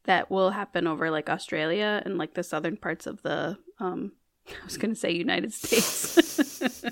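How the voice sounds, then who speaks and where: Giggly woman with a gravelly voice. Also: lowish voice, unhurried, dry recording, studio quality. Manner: giggly, reads out folklore facts. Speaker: podcast co-host. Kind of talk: casual chat.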